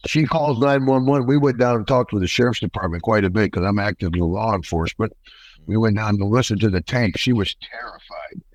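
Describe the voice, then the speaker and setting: Older American man, ex-wrestler guest, folksy animated storyteller, dry close sound. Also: lowish voice, brisk, dry recording, poor audio. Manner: animated, folksy, acts out quotes. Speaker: podcast guest, retired wrestler. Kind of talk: casual storytelling interview.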